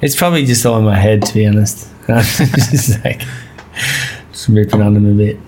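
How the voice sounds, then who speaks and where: A man's voice: fairly low pitch, moderate pace, noisy background. An Australian man guesting on a podcast, chatting in a rambling way, laughing often and swearing freely. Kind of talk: casual interview chat.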